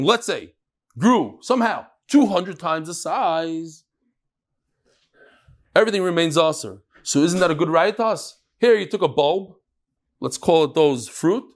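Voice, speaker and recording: A man leads a Talmud class, reading passages aloud and then breaking them down in quick explanations. His voice sits a bit high and rises and falls animatedly as he poses questions and answers them. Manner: animated, shifts between Aramaic reading and English explanation. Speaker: Talmud teacher.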